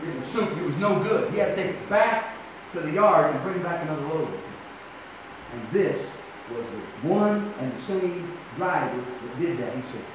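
An older man preaching a storytelling sermon to a congregation, emphatic, swinging from loud outbursts to quiet asides. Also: fairly high pitch, animated, normal speed, a faint crowd, a little hiss or hum. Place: church sanctuary. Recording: very echoey, distant mic.

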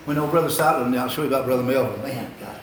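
A man's voice: mid-range voice, rapid-fire, slight background noise. An older man preaching a sermon, telling folksy, rambling stories and repeating his phrases. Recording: echoey hall.

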